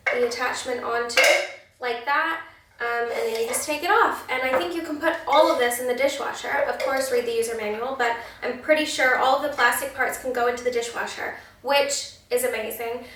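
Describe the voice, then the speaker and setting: A woman's voice: fairly high pitch, normal speed, fairly bright tone. A woman food photographer unboxing and reviewing a kitchen gadget in a chatty, enthusiastic way. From United Kingdom. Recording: roomy sound from a distance.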